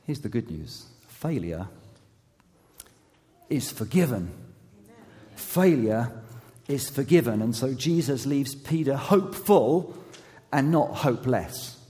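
A man with a croaky, hoarse voice, preaching a sermon as pastor. He is emphatic, then drops to soft, intimate tones. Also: medium pitch, very animated, slow, long pauses, long reverb tail.

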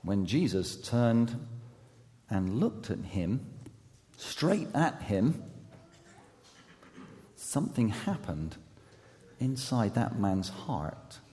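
A man with a croaky, hoarse voice, preaching a sermon as pastor. He is emphatic, then drops to soft, intimate tones. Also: fairly low pitch, sing-song, extremely slow, pauses often, in a large hall.

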